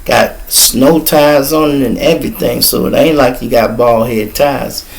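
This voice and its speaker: A man's voice: mid-range voice, unhurried, gravelly, poor audio. A middle-aged man hosting his own show, telling stories in a loose, profane, chatty way. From Chicago. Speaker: podcast host. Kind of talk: casual storytelling.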